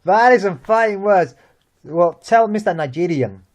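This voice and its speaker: A young man with a London accent, chatting about football as host, lively and full of restarts and repeated words. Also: high-pitched, normal speed. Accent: London English. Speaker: vlog host. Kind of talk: casual football chat.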